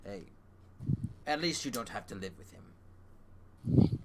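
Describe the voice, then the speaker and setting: A man voicing a small white-furred male creature who greets guests warmly, in a raised, eager voice for a tabletop game. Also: mid-range voice, animated, slow pace. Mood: welcoming.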